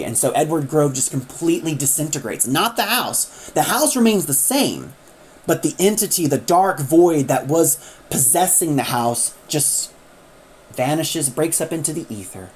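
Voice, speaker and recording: Woman, casual plot recap, low voice, rambling delivery. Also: animated, moderate pace, a little mellow, slight background noise. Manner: rambling, with many "like"s. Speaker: audio drama recapper.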